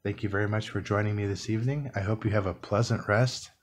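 A man reading a classic children's book aloud in a calm, soft, slow bedtime manner. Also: fairly low pitch. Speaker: storybook reader.

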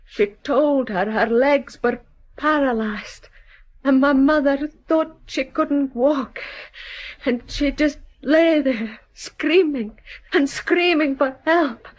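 An actress playing a hypnotized young woman who recounts a horror in a halting voice and breaks into anguished cries. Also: sits high, lo-fi sound. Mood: dazed, halting. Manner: halting, then screaming in anguish. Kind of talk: 1970s radio drama acting.

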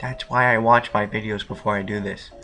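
A man's voice: on the low side, fairly even intonation, a little fast, pushed and bright. A young man casually commenting on a video game he is playing, goofy and jokey, talking back to the characters. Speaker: let's play gamer. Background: game music.

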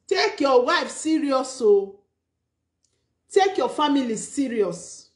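A woman's voice: high-pitched, very animated, takes it slowly, pauses often, reverberant. A Nigerian woman with a Nigerian Pidgin English accent hosting a casual live stream, giving emphatic, preachy advice. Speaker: vlogger and live-stream host.

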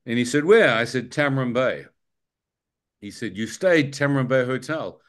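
A man with a New Zealand accent recounts a near-death story as a spoken testimony. He tells it like an animated storyteller, putting on voices for the people in it and laughing as he goes. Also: mid-range voice, normal speed. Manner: animated storyteller, acts out dialogue, laughs often. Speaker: guest telling his testimony.

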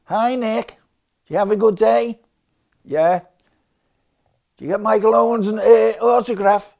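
A man's voice: high-pitched, fairly even intonation, a little slow, vocal fry, a little mellow, muffled recording, voice pushed up. A man putting on a chirpy Californian mum. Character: chirpy Californian woman greeting her son.

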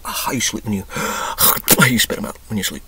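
A man from Texas talking through his memories in a rambling personal monologue, emotional and profane, drifting from loud outbursts into whispers. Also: lowish voice, normal speed, husky, poor audio. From Texas, USA. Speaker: vlogger.

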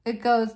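A Canadian woman, a vlogger and parent, casually reacts to a video for her vlog, amused and laughing often. Her voice is mid-range with a darkish tone.

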